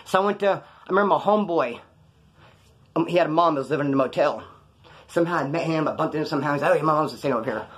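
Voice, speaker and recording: Brief: male vlogger, high voice, rapid delivery, slangy streetwise storytelling. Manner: streetwise slang, swearing, lively acted-out quotes. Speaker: vlogger telling prison stories. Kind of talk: casual storytelling monologue.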